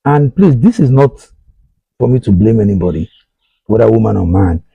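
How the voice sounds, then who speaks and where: A man's voice: lowish voice, expressive, normal speed, vocal fry, breathy edge, no echo, narrow, tinny audio. A middle-aged Nigerian man hosting a talk show, giving earnest advice and repeating his points while speaking straight to his listeners. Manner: earnest, repetitive, addresses listeners directly. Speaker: host. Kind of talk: advice monologue.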